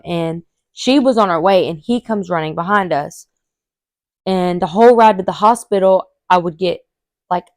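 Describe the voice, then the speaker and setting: A woman, a podcast host telling a story casually and animatedly, acting out quotes in a high voice. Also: a little mellow, no echo, clean studio sound.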